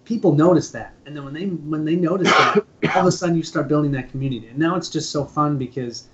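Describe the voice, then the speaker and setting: A board game channel host with a Minnesotan accent chats casually on a live stream, laughing often, in a higher voice at a quick pace. The stream audio is dull and lo-fi, having switched from a phone to a mic partway.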